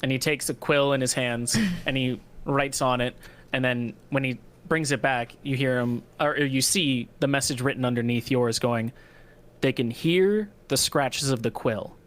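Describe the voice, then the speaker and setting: A game master narrating a tabletop game in a halting, hesitant way. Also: medium pitch, steady tone, a bit bright.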